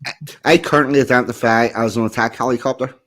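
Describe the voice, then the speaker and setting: A man chatting casually on a stream, explaining a point with dry, deadpan jokes. His voice sits at an ordinary middle pitch. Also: fast talker. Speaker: stream co-host. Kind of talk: casual chat.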